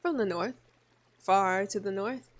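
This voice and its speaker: A woman voicing a languid noble countess while reading a visual novel aloud in voices, with a slow, drawn-out, mock-regal delivery. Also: medium pitch, lightly acted. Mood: wistful.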